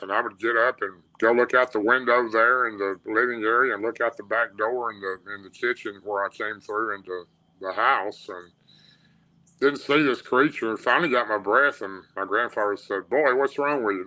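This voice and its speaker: Bright-voiced Tennessee man telling his story. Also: fairly low pitch, poor audio. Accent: Southern US, Tennessee. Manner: plain-spoken, rambling, with restarts. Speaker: radio show guest. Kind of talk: telling a personal encounter story.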